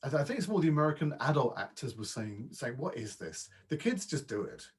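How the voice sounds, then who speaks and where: A man who works as a voice and dialect coach, talking casually as a podcast guest and stumbling over quick restarts. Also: on the high side, big pitch swings, breathy edge. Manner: chatty, with frequent false starts and repeats. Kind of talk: casual interview chat.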